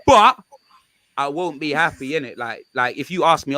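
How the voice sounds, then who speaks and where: Lively, high-pitched young man joking. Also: moderate pace. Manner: loud, jokey and animated, heavy London slang. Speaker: guest. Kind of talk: casual football chat on a stream.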